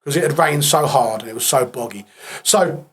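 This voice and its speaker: Guest: man, 30s, husky, subdued and plain-spoken, recounting events in a casual interview. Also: medium pitch, moderate pace. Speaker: podcast guest.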